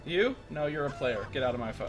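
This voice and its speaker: A man's voice: medium pitch, very animated, fast, over music. Jokey man streaming a game. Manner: jokey, rambling, loud outbursts. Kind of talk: casual gameplay commentary.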